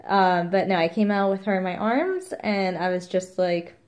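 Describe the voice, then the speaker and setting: A woman's voice: mid-range voice, moderate pace, a little mellow. A woman, a new mother, chatting casually in a rambling vlog, quoting the people around her.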